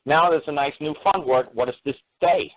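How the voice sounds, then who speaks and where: On a call-in radio show, a host with a somewhat high voice lectures listeners a little fast, combative and blunt, pounding them with repeated rhetorical questions and swearing. The audio is tinny, like phone-line radio.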